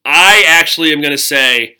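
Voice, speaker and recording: A man's voice: on the high side, animated, moderate pace, bright, forceful tone, clear, resonant tone. A man co-hosting a podcast, chatting casually and laughing as he recaps a reality show. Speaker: podcast co-host. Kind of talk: casual chat.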